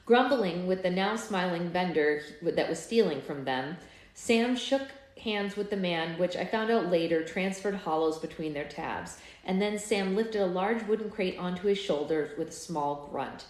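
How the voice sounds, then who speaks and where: A woman's voice: lowish voice, moderate pace. A woman hosting a live book club, chatting casually and reading a novel aloud with offhand asides. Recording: echoey room.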